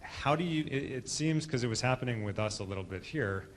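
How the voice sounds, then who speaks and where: A man's voice: medium pitch, animated, brisk, slight background noise. A man, a student at a hypnosis workshop, asking a question hesitantly and searching for his words.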